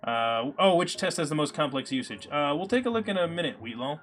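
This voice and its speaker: Casual live-coding man over soft music. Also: fairly high pitch, animated, fairly quick. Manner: thinks aloud with many fillers, reads chat. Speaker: live-stream coding host. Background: soft background music.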